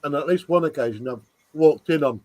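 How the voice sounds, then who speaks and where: A man's voice: fairly high pitch, brisk, a little mellow, no room sound. A man hosting a casual live stream who mutters to himself at his work while he chats.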